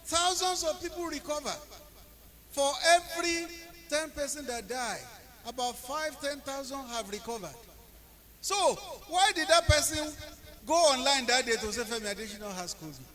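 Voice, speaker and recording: High-pitched Nigerian man giving a speech. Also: animated, moderate pace. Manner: storytelling, swings between quiet asides and loud emphatic bursts. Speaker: presidential aide speaking at an event. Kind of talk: public speech with anecdotes.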